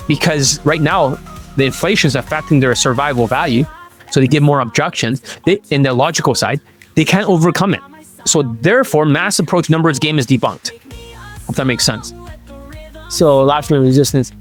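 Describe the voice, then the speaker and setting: A man coaching on dating in a blunt, profane monologue, often checking whether the listener follows. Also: a little high. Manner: blunt and profane, keeps asking "does that make sense?". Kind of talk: Q&A monologue to camera.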